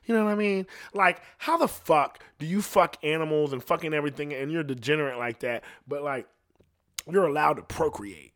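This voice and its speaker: A man's voice: a little high, fairly quick, fairly bright tone, no echo, studio quality. A young man telling a crude story in casual chat, profane and rambling, laughing between lines. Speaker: podcast storyteller.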